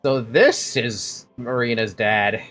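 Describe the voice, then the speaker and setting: Low-voiced swearing woman streamer. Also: slow, soft background music. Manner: swears casually, reacts loudly. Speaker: game streamer. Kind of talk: casual gameplay commentary.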